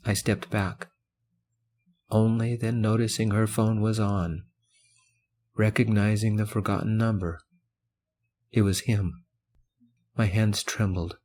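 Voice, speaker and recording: A man narrating a romance short story in the first person as an audiobook, measured and earnest. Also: on the low side, darkish tone.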